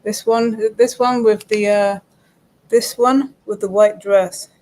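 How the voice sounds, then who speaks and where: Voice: medium pitch, fairly even intonation, slow, darkish tone, poor audio. A co-host chatting casually on a livestream, often stammering through restarts and laughing. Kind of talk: casual chat.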